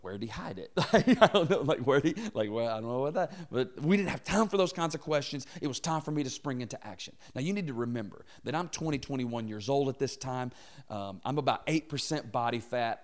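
A man in his thirties preaching, telling a comic personal story and acting out the quotes in funny voices. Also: medium pitch. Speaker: pastor. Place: church auditorium.

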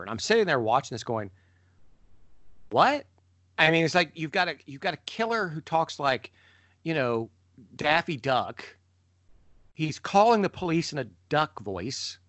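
A middle-aged man co-hosting a podcast, telling stories in a lively way and jumping up in pitch when he mimics people. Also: brisk, no room sound. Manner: animated storyteller, mimics voices with sudden pitch jumps. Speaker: podcast co-host. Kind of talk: casual conversation.

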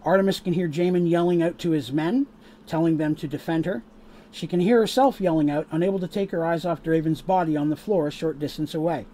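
A man narrating a tabletop game as game master, casual and full of fillers, pausing to explain rules. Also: on the high side, warm tone.

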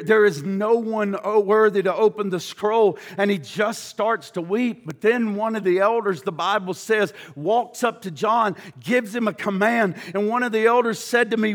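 Middle-aged male preacher, high bright voice, big swings from shouts to hushed lows, church hall echo. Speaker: pastor. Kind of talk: sermon. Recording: long hall reverb.

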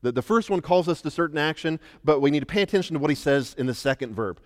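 Man, middle-aged, from the US, pastor, emphatic sermon, soft-to-loud swings, church hall reverb. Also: a little high, animated, quick pace. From United States. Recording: long reverb of a large hall.

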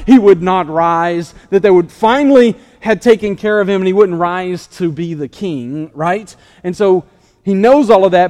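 Male preacher, high-pitched, sermon delivery with emphatic swells and hushed drops, recorded with long hall reverb.

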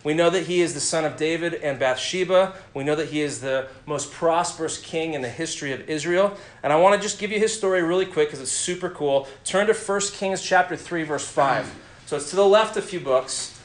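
A man teaching a Bible class, lively and interactive, quizzing his listeners and calling on them by name. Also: fairly high pitch, brisk, echoey room.

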